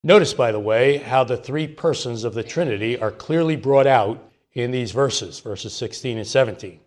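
A man teaching a Bible study, reading scripture and explaining it in a measured, deliberate, reverent way. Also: medium pitch, a little mellow.

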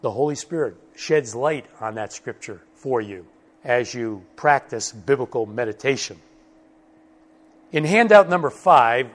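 A man teaching a Bible study lesson, slow and emphatic, repeating key words for stress. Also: medium pitch. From United States.

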